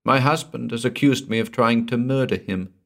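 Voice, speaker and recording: A man's voice: mid-range voice, normal speed, creaky, a bit bright, pitched above the performer's own voice. A man voicing a frightened young married woman who speaks in a strained, anxious voice.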